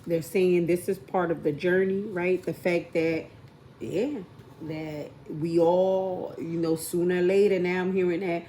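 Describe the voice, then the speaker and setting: Woman spiritual reader, mellow and low, chatty, full of rhetorical questions. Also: fairly even intonation, measured pace, slight background noise. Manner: conversational, asks rhetorical questions. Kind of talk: intuitive spiritual reading.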